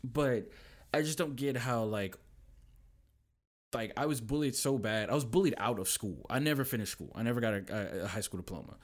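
A young man telling stories as a podcast guest, lively and quoting people in put-on voices. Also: mid-range voice, fairly quick. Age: young adult. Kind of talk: casual storytelling chat.

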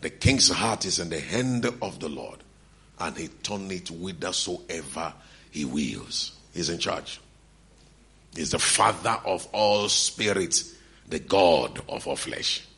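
A middle-aged pastor delivers a sermon in a low, gravelly voice with a bright, forceful edge, speaking slowly with lively intonation. He tells stories from the pulpit, acts out the lines of the people in them, and laughs now and then between lines.

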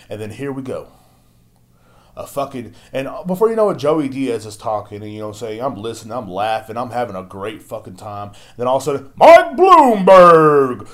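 A young man hosting a podcast at home, ranting in a crude, exasperated way and swearing constantly. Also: on the low side. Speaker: podcast host. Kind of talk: profane ranting monologue. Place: at home, drinking beer.

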